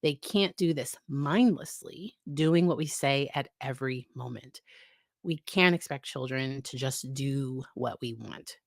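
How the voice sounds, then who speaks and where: A woman's voice: low-pitched, dry recording, clean studio sound. A woman psychologist talking casually about parenting, often laughing and acting out exchanges with her child. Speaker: psychologist host. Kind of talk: casual educational talk.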